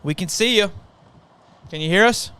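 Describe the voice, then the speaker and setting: A young man hosting a casual sports talk stream, energetic and repeating his words as he goes. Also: high-pitched, normal speed, clear, resonant tone. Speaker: host.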